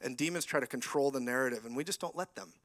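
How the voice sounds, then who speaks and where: A male preacher giving a sermon, telling stories in an animated way, joking and acting out the people in them. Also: mid-range voice, fast talker, no room sound. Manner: animated storytelling, acts out voices, joking.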